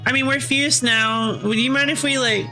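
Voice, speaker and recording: A woman's voice: sits high, steady tone, normal speed, bright, forceful tone, soft background music. Woman doing a pushy, obnoxious freeloading roommate. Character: obnoxious fused roommate pair, pushy and careless.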